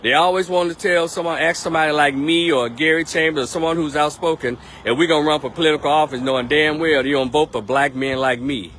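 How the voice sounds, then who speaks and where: A man's voice: fairly high pitch, fairly even intonation, fast talker, hardly any pauses, a bit bright, slight background noise. A man giving a blunt, emphatic political monologue on a live stream, repeating his points.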